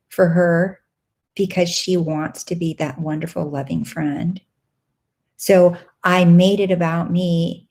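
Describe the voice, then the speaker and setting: A bubbly woman chats through a live-stream Q&A, with a slightly low speaking voice that jumps up into excited squeals. She talks in a casual, animated way, acting out her own inner dialogue. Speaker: live Q&A host and coach.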